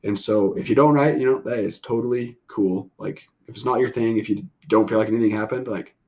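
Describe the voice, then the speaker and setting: A man's voice: on the low side, fairly quick, a little mellow. A man hosting a family podcast, chatting casually and rambling with lots of fillers. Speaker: podcast host. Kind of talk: casual chat.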